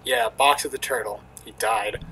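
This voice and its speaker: A man reading the lines of a bitter, sardonic young adult female crocodile from a game, in a flat, cutting, quiet delivery. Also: medium pitch, normal speed, breathy edge, voice pushed down, low-quality recording. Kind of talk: reading game dialogue aloud.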